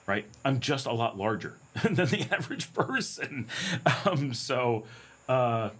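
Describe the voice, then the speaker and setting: With a mid-range, slightly bright voice at normal speed, this middle-aged American livestream host fields questions in a relaxed Q&A. He chats freely, tells stories, laughs frequently, and performs the voices he quotes.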